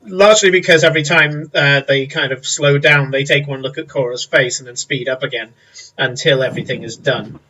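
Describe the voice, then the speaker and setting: A man's voice: medium pitch, brisk, bright, forceful tone, low-quality recording. A man running a tabletop game as game master, easygoing and laughing often, with hesitant fillers.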